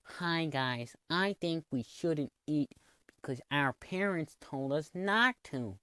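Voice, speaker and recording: An earnest little cartoon vegetable boy, as a man puts him on, speaking slowly and sincerely. The voice is raised and smooth, and it stays dry. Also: on the high side, animated, bright, forceful tone, no room sound, voice pushed up, exaggerated voice.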